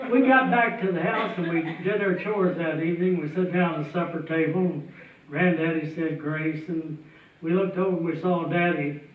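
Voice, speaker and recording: A man with a high, voice spins a tall tale in a folksy, chuckling manner. He sounds thin and tinny, as if heard over a phone. He is picked up from well back in an echoey hall. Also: far from the mic, slight background noise. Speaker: storyteller. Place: festival stage before an audience.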